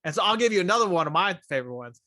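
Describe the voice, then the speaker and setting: Male co-host, casual movie review chat, animated storyteller; bright, lively voice, dry sound. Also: high-pitched, rapid-fire, dry recording. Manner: animated, acts out quotes in raised voices. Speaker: podcast co-host.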